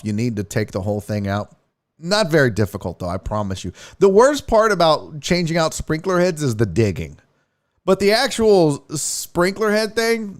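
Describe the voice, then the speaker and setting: Dude hosting a sports stream, goofy crude banter, bouncy voice all over the place. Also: male voice, a little high. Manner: joking, rambling, playful crude banter. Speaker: sports show host. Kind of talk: casual livestream chat reading viewer donations.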